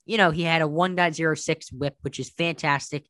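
A man co-hosting a casual sports podcast, animated and heavy on statistics. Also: a little high, a little fast, no echo. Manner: stat-heavy, animated, jokingly does an impression. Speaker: podcast co-host.

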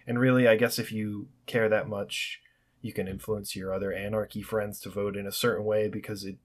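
A young man ranting alone on his podcast, sarcastic and profane, rambling with restarts. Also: fairly low pitch. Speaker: podcast host. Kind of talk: solo podcast rant.

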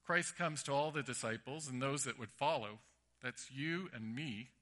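A man's voice: mid-range voice, normal speed. A man preaching a sermon, telling stories animatedly and acting out the voices. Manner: animated storytelling with acted-out voices.

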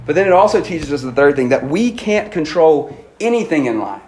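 A man preaching a casual, conversational youth sermon, full of "like" and "man" and quick restarts. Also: a little high, big pitch swings, a little mellow. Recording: roomy echo, faint room noise.

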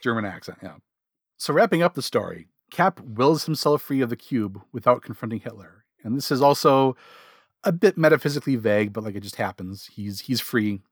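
A man co-hosting a casual comics podcast in a mid-range voice. He talks fast, doubling back on his words as ideas come. The sound is dry and close to the mic. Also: medium pitch, animated, no room sound. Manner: quick, self-interrupting, repeats words. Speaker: podcast co-host. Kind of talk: casual chat about comics.

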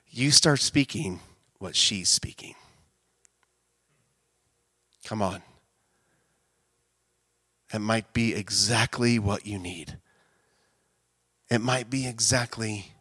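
A man preaching a conversational sermon, casual and talkative, breaking into loud impassioned shouts. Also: medium pitch, no echo. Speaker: speaker at a women's event.

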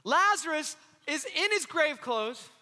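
Preacher guy going from shouting to hushed, super high bright voice, big echoey hall. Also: lively intonation, a little slow. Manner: impassioned, swings from shouting to hushed intensity, acts out quoted voices. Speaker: pastor. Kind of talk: sermon.

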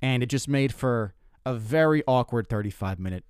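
A young man hosting a podcast, telling a comic story in a casual, animated way, stumbling and restarting often. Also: moderate pace, clean tone, no echo, clean studio sound. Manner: animated, self-interrupting, swears, jumps pitch for quoted lines. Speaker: comedian podcast host.

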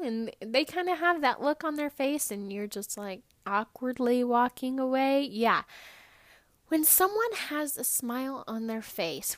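A young adult woman hosting a podcast, telling stories in an animated, bubbly and earnest way. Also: sits high, no echo, clean studio sound. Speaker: podcast host. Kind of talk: upbeat motivational podcast talk.

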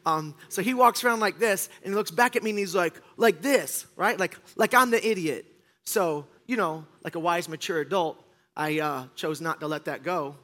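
A middle-aged man preaching from a church stage, with a high-pitched and bright, ringing voice. He tells his story in an animated, self-mocking way, acts out the other people in it, and slips in deadpan jokes for the congregation. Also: moderate pace. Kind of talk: storytelling sermon.

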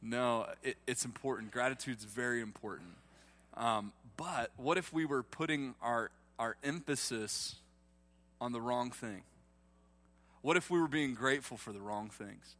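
A man's voice: mid-range voice, a little slow, a bit bright. A man, preaching a sermon in a livestreamed church and joking with the congregation. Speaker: pastor.

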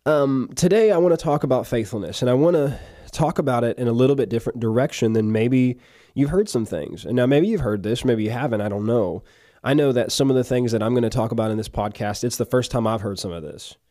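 A man's voice: medium pitch, fast, dark tone, no echo, studio quality. A man hosting a casual faith-based podcast, talking in a chatty, rambling way with frequent restarts. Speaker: podcast host.

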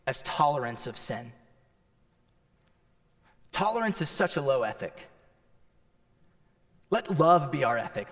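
A man with a high voice preaches a sermon, emphatic and dramatic. He swings from loud, ringing declarations down to hushed near-whispers. His voice carries the long reverb of a large hall. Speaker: pastor.

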